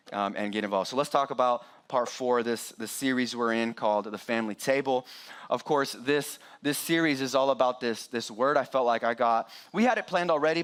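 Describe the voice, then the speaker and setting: A middle-aged man preaching a sermon as pastor, animated and joking with the congregation. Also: medium pitch.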